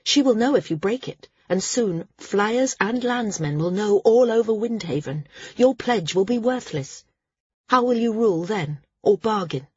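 Brief: a steady, defiant young heroine in an audiobook, read by a woman, breathy and a bit raised in pitch. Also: no room sound, dull audio. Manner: firm, measured, careful.

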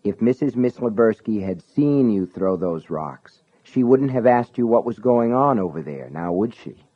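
A man doing a soft-spoken sinister shopkeeper. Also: on the low side, lively intonation, normal speed, husky, lo-fi sound. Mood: menacing. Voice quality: soft, quiet.

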